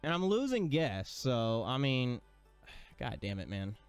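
Frustrated man ranting through his own gameplay, smooth clear voice, faint music behind, lots of cursing. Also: medium pitch, big pitch swings, slow pace. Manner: exasperated, swears a lot, rants at the game. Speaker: gaming streamer.

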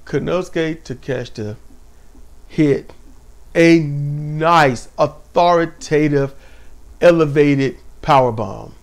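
A man's voice: on the high side, slow. A man co-hosting a casual wrestling chat, laid-back and easygoing. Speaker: podcast co-host.

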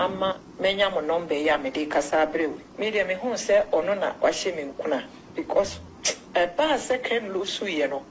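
A woman's voice: lowish voice, a little hiss or hum, low-quality recording. A woman calling in to a talk show, earnest and pleading, repeating phrases as she speaks. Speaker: caller. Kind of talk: emotional phone-in call.

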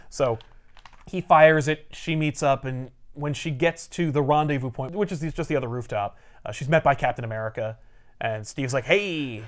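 A man's voice: mid-range voice, normal speed. A man casually recapping a comic on a podcast, storytelling animatedly and acting out the characters' lines. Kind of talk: casual chat.

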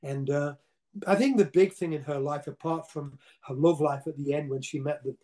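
Older guy, warm low-key tone, chatty rambling stories. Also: moderate pace. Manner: rambling, animated anecdotes with repeated restarts. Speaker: interview guest, rock singer. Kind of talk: casual storytelling.

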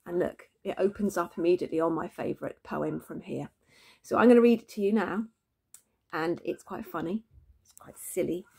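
A woman teacher reading a book of poems aloud to her class in lively, expressive storytelling. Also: lowish voice, normal speed, creaky, breathy edge. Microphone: phone camera.

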